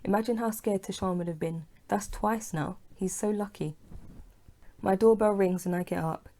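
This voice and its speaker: A woman's voice: mid-range voice, moderate pace. A woman, the author, narrating her own romantic comedy novel in first person. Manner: plain, steady reading, dialogue voiced with mild feeling.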